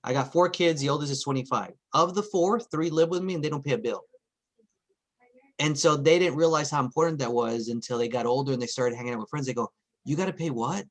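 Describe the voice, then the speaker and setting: Texan man, 40s, lively storyteller on a group call. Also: mid-range voice, fast. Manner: animated, acts out family members' voices. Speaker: meeting participant.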